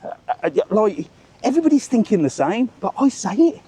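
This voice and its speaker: A man rants his way through a live travel vlog, swearing freely and storytelling with gusto. His voice sits a little high for a man, and he talks while out walking past bars and restaurants. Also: fairly quick, a little hiss or hum. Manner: ranting, swearing, animated storytelling. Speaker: travel vlogger, live stream host. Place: outdoors among bars and restaurants.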